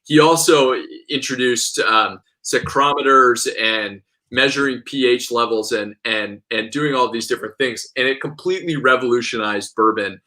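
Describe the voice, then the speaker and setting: Bright-voiced enthusiastic man telling stories. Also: medium pitch, low-quality recording. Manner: enthusiastic storyteller, quick asides and restarts. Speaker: whiskey expert guest. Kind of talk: casual conversational interview.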